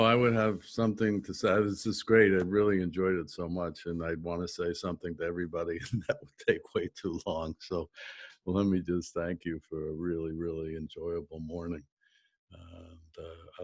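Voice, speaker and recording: A man on a video call warmly thanking the panel, enthusiastic and effusive. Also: sits low, no room sound. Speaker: conference attendee. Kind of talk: casual thanks.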